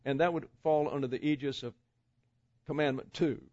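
A man's voice: on the high side, fairly even intonation, darkish tone, no echo. Male pastor, sermon delivery, rhetorical questions, lo-fi dull recording. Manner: measured preaching with rhetorical questions and asides.

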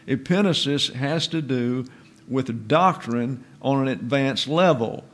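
A man's voice: medium pitch, takes it slowly. A man teaching a Bible doctrine lesson, carefully explaining how Greek words are pronounced and repeating terms with precision. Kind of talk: slow teaching sermon with Greek word study.

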